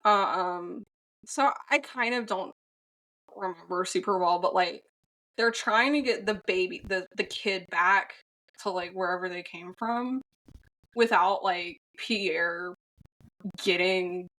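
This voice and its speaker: A woman's voice: lowish voice, slow, sharp tone. A woman co-hosting a podcast, recapping a film in a rambling, casual way with many fillers and frank swearing. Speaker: podcast co-host.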